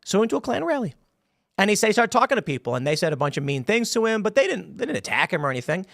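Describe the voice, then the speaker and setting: A man's voice: sits high, big pitch swings, rapid-fire, gravelly, a bit bright, no room sound, clean studio sound. A man hosting a political talk show, ranting with heated indignation. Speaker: podcast host.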